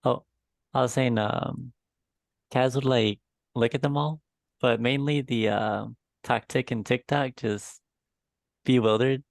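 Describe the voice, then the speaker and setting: Low gravelly guy chatting in a tabletop game, dry mic. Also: steady tone, takes it slowly, long pauses, no room sound. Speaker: player. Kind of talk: describing his character in casual chat.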